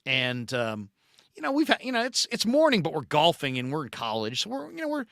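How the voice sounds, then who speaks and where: A middle-aged man hosting a casual chat, telling a story in an animated way and acting out the voices in it. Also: on the high side, a little fast, creaky, dry recording, studio quality. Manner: animated storyteller who acts out the voices in his anecdotes. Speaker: podcast host.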